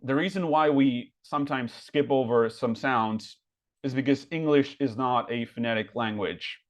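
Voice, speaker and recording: Chatty man teaching pronunciation. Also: mid-range voice. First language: Spanish. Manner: chatty, many fillers, slows down to model words. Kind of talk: casual webinar teaching.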